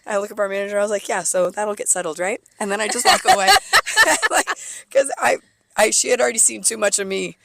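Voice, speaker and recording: A woman's voice: medium pitch, quick pace, creaky, heavy background noise. A woman co-hosting a casual podcast, telling a work story with lots of swearing and acting out what coworkers said. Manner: animated storytelling, swears a lot, acts out coworkers' lines. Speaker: podcast co-host, restaurant server.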